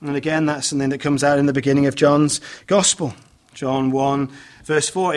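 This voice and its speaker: Man, slightly high voice, preacher, sermon, measured delivery, frequent fillers and restarts. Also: steady tone. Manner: measured, many fillers and restarts, reads scripture aloud.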